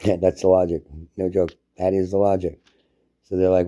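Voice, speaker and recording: Man, low very dark voice, rambling profane rant, solo vlogger. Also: flat delivery, normal speed, long pauses. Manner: profane, heated, storytelling. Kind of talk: casual monologue rant.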